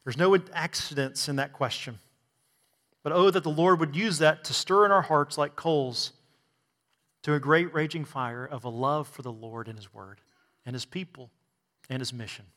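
A man's voice: fairly high pitch, a bit bright, in a large hall. A man preaching a sermon to a congregation, asking rhetorical questions and adding bits of humor. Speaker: pastor.

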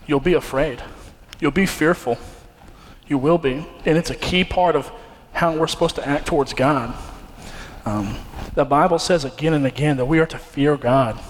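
Casting: young man, fairly high voice, earnest conversational preacher, hall reverb. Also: normal speed. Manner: earnest, conversational, many fillers and restarts. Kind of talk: sermon with personal story. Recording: long hall reverb, faint ambience.

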